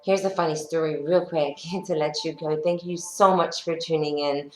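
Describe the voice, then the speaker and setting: A cheerful woman coaching a workout in a fairly low voice, encouraging and chatty with easy fillers. Her voice bounces around an echoey studio room, with faint music playing behind her. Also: steady tone, normal speed, a little mellow. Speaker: fitness instructor. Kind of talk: guided workout instruction and chatty storytelling.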